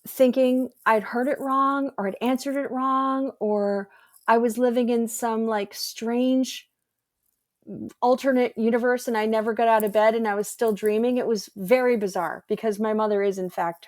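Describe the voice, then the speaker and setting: A woman, guest and energy healer, telling a personal story in an animated, earnest way on a video call. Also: on the high side, moderate pace, no echo, studio quality. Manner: animated, earnest, rambling with fillers. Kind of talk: casual storytelling conversation.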